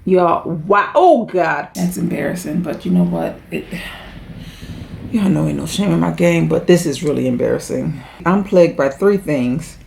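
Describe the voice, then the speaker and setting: A woman's voice: low-pitched, normal speed, gravelly, darkish tone, a little hiss or hum. A woman vlogging casually to camera from her apartment, chatty and self-deprecating, talking straight to her viewers. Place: indoors at home, her apartment. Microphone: camera set up on a stand. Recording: roomy, echoey room.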